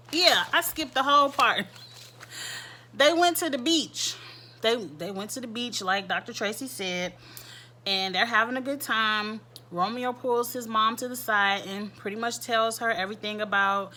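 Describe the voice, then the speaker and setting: Bright-voiced chatty woman recapping. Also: medium pitch, slight background noise. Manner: chatty, repeats phrases for emphasis. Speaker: reality show recap host. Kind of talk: casual commentary.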